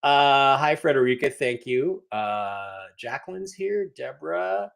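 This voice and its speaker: A man's voice: mid-range voice, unhurried, gravelly, fairly bright tone. A man hosting a casual livestream, greeting viewers in the chat and teasing them in a rambling way. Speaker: livestream host.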